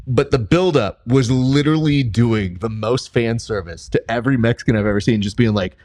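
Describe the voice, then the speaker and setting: A young man hosting a casual interview podcast, telling stories in an animated way and jumping high in pitch when he quotes people. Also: fairly quick. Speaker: podcast host and combat sports commentator.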